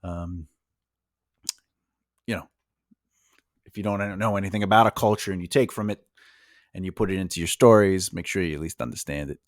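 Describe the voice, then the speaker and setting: A man's voice on the low side comes through a dry, studio-quality recording. He hosts a casual writing lesson as a writing coach, speaking with a New York accent, hailing from Long Island and Brooklyn, and rambling along with filler-heavy, conversational talk.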